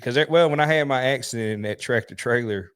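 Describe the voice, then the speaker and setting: A man's voice: medium pitch, fast talker, clear, resonant tone. A middle-aged man, chatting casually as a truck-driving podcast host, telling stories animatedly with restarts and laughs. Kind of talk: casual chat.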